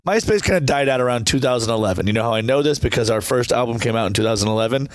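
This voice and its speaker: A man's voice: medium pitch, animated, rapid-fire, no echo. A man in his thirties, a podcast guest telling stories in a brash, self-mocking way and laughing often. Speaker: podcast guest, reality show contestant and band member. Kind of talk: casual conversational storytelling.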